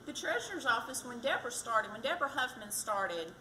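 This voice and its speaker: A woman's voice: fairly high pitch, big pitch swings, brisk, hardly any pauses. A woman giving a chatty, self-deprecating campaign speech for county treasurer at a community event. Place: fire department community event. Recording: echoey, distant mic, background noise.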